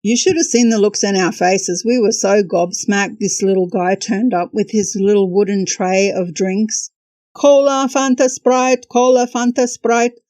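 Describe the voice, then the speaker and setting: A woman's voice: medium pitch, steady tone, normal speed, few pauses, dark tone, dry recording. A woman hosting a podcast, narrating a travel story from a script with wry, dry humor.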